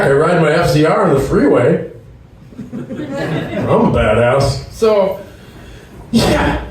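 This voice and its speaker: A man from Milwaukee telling a story live on stage, acting out the dialogue and laughing at his own punchlines. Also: on the high side. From Milwaukee, Wisconsin. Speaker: storyteller and emcee. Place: live event venue. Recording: echoey hall, voice far from mic.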